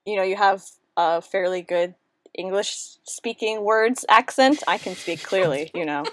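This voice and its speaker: A woman's voice: mid-range voice, unhurried. A woman with an American East Coast accent, chatting easily as a podcast guest and giggling often. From United States East Coast. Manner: giggly, easygoing. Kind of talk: casual chat.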